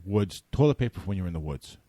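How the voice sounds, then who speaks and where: A man's voice: sits low, lively intonation, fast, dark tone, no echo. A man co-hosting a casual podcast, rambling along with lots of "like" fillers. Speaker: podcast co-host. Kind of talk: casual chat.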